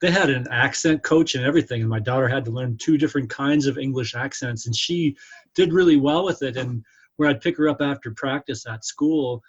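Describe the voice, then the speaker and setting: A man co-hosts a podcast and chats in a friendly, encouraging way. His voice is husky, and the recording sounds dull and lo-fi. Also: medium pitch, a little fast. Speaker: podcast co-host. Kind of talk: casual chat.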